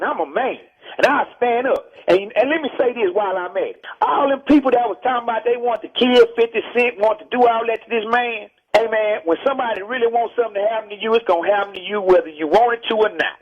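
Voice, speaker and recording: Brief: high-voiced man, forceful and blunt, heard over a muffled archival phone line. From Texas. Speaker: rapper interviewed by phone. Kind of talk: heated radio phone interview.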